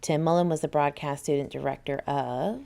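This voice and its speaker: A woman's voice: low voice, steady tone, normal speed, creaky, warm tone. A woman with a Southern US accent hosting a casual livestream, chatting and reading viewer comments aloud with frequent laughs. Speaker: livestream host.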